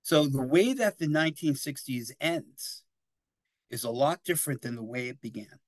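In a loose, wandering history talk, a sixties-aged man keeps turning to the room with little "right?" and "you know" tags. He speaks at a medium pitch in a chatty, relaxed way, captured in a dry, close-miked recording with minimal reverb.

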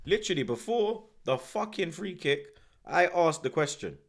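A man's voice: fairly high pitch, animated, normal speed. A man hosting a football watchalong, ranting with heavy swearing and street slang. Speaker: host.

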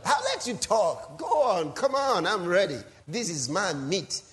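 Male preacher, raised pitch, teasing and laughing through a lively sermon. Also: unhurried. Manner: animated, teasing, laughs often; swings between soft asides and loud exclamations. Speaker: pastor.

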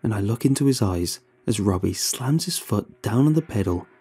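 A man reading a horror story aloud in a measured, dramatic narration style, with faint music behind him. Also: fairly low pitch, expressive, mellow, husky.

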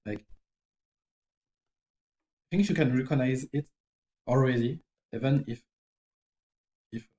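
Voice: medium pitch, warm tone. French-accented streamer, casual drawing-stream chat, hesitant English, stops to find words. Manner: halting, searching for English words.

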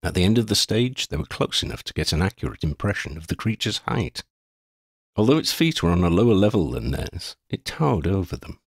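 A man narrating a fantasy audiobook in a measured, expressive way. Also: low-pitched, breathy edge, no echo, clean studio sound.

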